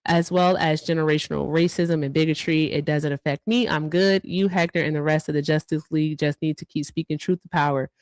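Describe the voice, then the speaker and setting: Co-hosting a livestream show, a woman with a lowish voice chats in a relaxed way and reads viewer thank-yous aloud, dropping in asides. There is no echo.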